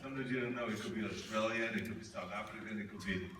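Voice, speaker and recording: A man's voice: on the low side, quick pace, a bit bright. An older man telling joking anecdotes at a live stage Q&A, laughing often and rambling with fillers. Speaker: guest actor. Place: theater stage before an audience. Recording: echoey hall, from far off, crowd noise.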